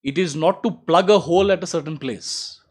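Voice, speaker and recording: Speaking at a normal speed with a slightly rough voice, a male advocate answers opposing counsel in court. He is formal and emphatic, repeating "my lords" throughout his argument and raising his pitch to stress key points.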